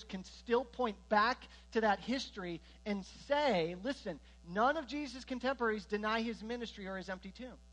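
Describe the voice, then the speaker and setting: A male pastor preaching with a fairly high voice. He swings between loud, emphatic retellings and quieter, joking asides. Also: rough recording. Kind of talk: sermon.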